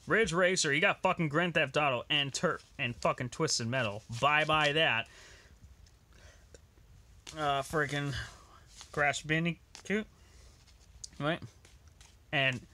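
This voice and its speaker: Young male gaming vlogger, furious and foul-mouthed, fairly high, lively pitch. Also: a little hiss or hum. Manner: angry, swears constantly. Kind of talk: ranting reaction video.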